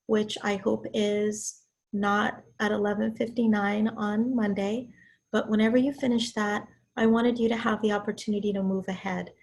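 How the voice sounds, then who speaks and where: Woman, hoarse, raspy, gravelly fry, college writing lecture over a computer mic. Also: medium pitch, a little mellow. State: hoarse from illness. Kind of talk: online class lecture. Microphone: computer mic on a video call.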